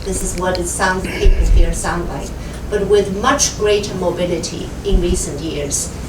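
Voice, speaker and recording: A woman's voice: lowish voice, fairly even intonation, normal speed. A woman in the audience of an academic symposium asking a question in a tentative, self-deprecating way. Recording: distant voice, echoey hall, loud noise.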